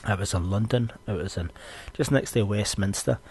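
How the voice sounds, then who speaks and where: A man's voice: on the low side, normal speed, slight background noise. A young Scottish man, a podcast host, chatting casually and ranting with plenty of swearing. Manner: sweary, ranting, animated storytelling.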